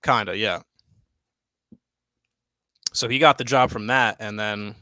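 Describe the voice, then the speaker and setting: A young man co-hosting a podcast, chatting loosely and excitedly, swearing freely and filling with "like" and "dude". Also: fairly low pitch, measured pace, pauses often, dry recording. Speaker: podcast co-host. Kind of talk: casual chat. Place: home studio, live stream.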